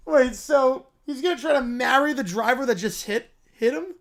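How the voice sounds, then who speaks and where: A livestream host, a man, narrating an improvised comedic story quickly and laughing at his own jokes. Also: extremely high pitch.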